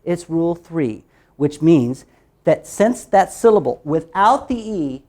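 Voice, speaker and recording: Chanting through repeated steps at a phonics workshop, a man training teachers asks questions and responds to them himself. His delivery is lively, with quick jumps in pitch.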